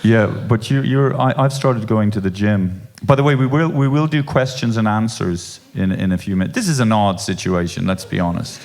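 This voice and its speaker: An Irish man hosting a live comedy podcast before an audience, with loud, sweary, sardonic banter. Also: lowish voice, moderate pace, creaky, hardly any pauses.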